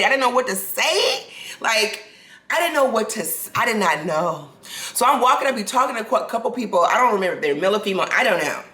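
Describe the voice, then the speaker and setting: A woman in her forties telling a personal story to her own camera, animated and restarting sentences. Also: on the low side, roomy sound. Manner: animated, restarts sentences, acts out quoted people. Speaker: vlogger. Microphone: self-filmed camera.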